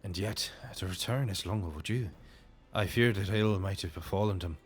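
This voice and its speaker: A man's voice: sits low, normal speed, breathy edge, soft background music. A man voicing a grave military commander with an Irish accent, speaking formally and cautiously. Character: grave military commander, worried for his men.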